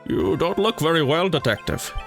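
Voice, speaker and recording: A man voicing an elderly male judge in a game playthrough, speaking in slow, formal courtroom phrasing. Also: on the high side, lively intonation, a bit bright, soft background music.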